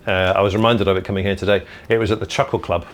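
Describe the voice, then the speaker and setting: A man being interviewed as a comedian and impressionist, telling anecdotes in an animated way and acting out the people he quotes. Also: sits low, very fast, a little hiss or hum. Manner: animated storyteller who acts out the people he quotes.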